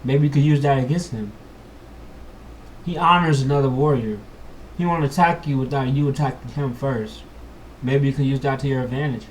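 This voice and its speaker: A man's voice: mid-range voice, moderate pace, long pauses, slight background noise. A man narrating an improvised fantasy adventure as a dungeon master for his vlog, mixing dramatic storytelling with casual slang.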